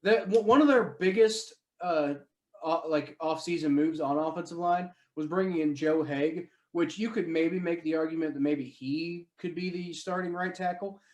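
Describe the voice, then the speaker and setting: A young man on a sports podcast with a slightly high voice, talking in loose, rambling sentences full of restarts and dry jokes. His voice bounces around an echoey room. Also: moderate pace. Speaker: podcast co-host. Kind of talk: casual sports podcast chat.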